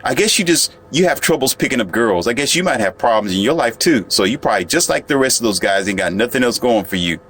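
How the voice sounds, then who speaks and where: A man's voice: mid-range voice, animated, fast, few pauses, fairly bright tone. A man voicing a haughty young woman who mocks and looks down on him, in condescending taunts. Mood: dismissive.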